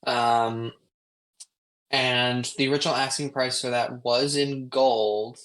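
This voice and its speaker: A man's voice: medium pitch, takes it slowly, rough recording. Man running a tabletop game. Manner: relaxed, rambling narration with fillers. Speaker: game master.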